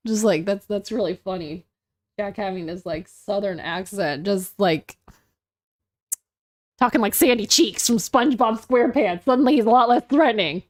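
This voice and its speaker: Woman reacting to a story reading on stream, jokey and rambly, lots of likes, mid pitch. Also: moderate pace. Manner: chatty and joking, full of "like" and "you know". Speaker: co-host reacting. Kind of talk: casual reaction chat.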